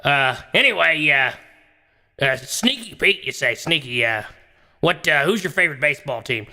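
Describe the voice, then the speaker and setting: A man's voice: fairly high pitch, expressive, normal speed, bright, forceful tone, heavily acted. A man voicing a blustering Texan talk-show host who rambles with many fillers, in an echoey hall. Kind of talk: comedy sketch role-play.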